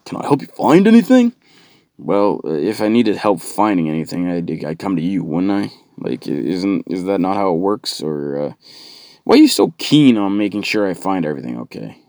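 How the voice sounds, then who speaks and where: A man with a very low, gravelly voice delivers a profane, sardonic stand-up rant. His pitch swings widely as he mocks and complains. The sound is dry and close. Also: a little mellow, no room sound. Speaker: stand-up comedian. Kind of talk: stand-up comedy monologue.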